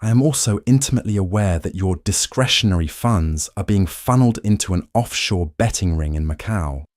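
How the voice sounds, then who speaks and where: Ice-cold woman executive, read by a man, deep and dry, calm and clipped. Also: fairly quick, no echo. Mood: coldly calm. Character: poised confident woman finance chief, icy.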